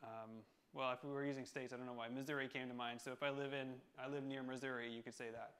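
A man's voice: mid-range voice, little pitch movement, fast, fairly bright tone. A man teaching coding in a casual screencast tutorial, thinking aloud with many fillers and self-corrections. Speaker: coding instructor.

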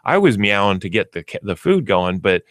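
A man's voice: on the low side, very animated, fairly quick, fairly bright tone, no echo, clean studio sound. A man speaking as a pet store expert on a radio talk show, explaining with everyday examples. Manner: explanatory, uses everyday examples and acts out pets. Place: radio studio.

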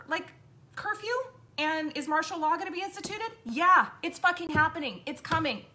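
A woman's voice: high-pitched, pushed and bright. A woman host giving an impassioned, blunt monologue, swearing often and repeating points for emphasis. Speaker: podcast host.

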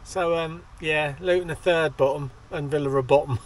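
A man's voice: on the high side, fairly even intonation, moderate pace. A man hosting a casual vlog, chatty and grumbling, with frequent laughs. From England. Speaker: vlog host. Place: car and shopping centre. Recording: noisy car and street background.

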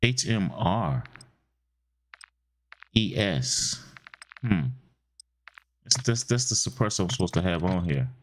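A man's voice: low voice, expressive, takes it slowly, pauses often, slight background noise. A man streaming a shooter game, chatting casually and griping with a lot of swearing. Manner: profane, exasperated griping. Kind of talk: casual gameplay commentary. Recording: loud gunfire from the game behind.

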